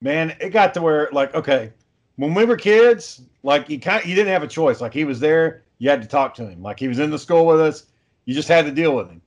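Dad chatting casually, cusses a lot, kinda high voice, blunt. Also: male voice, expressive, a little fast, muffled recording. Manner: profane, blunt storytelling. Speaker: father. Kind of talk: casual chat.

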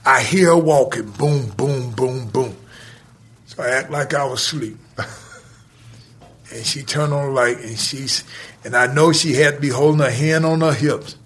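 A man's voice: mid-range voice, husky. A man telling a story from his youth in casual speech, acting out the dialogue and laughing between lines. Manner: animated, retells scenes with quoted dialogue, laughs between lines; colloquial grammar, drawn-out pauses. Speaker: guest telling a life story.

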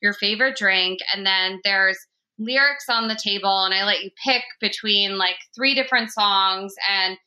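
A woman's voice: mid-range voice, moderate pace, bright, forceful tone, highs cut off. A young woman hosting a podcast, chatting casually with lots of "like" and laughter. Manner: chatty, heavy use of "like", frequent laughter. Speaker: podcast host.

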